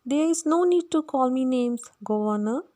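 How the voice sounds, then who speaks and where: A woman voicing a cheeky young Cockney flower girl, pitched high and loud, with rough street grammar in a read-aloud play. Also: lively intonation, normal speed. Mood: indignant.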